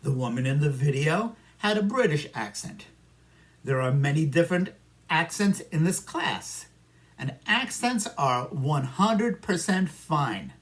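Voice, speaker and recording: A man's voice: a little high, sing-song. A man with a New York accent teaching an English listening lesson, talking patiently to students and echoing their answers. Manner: slow, patient, talks to imagined students and answers for them. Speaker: ESL teacher. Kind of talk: simulated classroom micro lesson.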